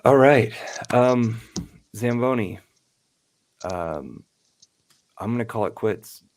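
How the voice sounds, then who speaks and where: A man's voice: medium pitch, expressive, takes it slowly, darkish tone. A man hosting a casual live chat, rambling and often interrupting himself. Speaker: podcast host.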